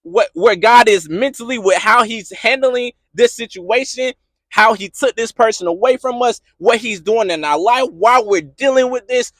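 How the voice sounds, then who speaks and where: A man with a high, bright-edged voice gives a motivational talk about faith. He is impassioned and repetitive, and he pushes up into shouting when he gets fervent. The sound is dry and close, with no room around it. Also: dry recording. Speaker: podcast host.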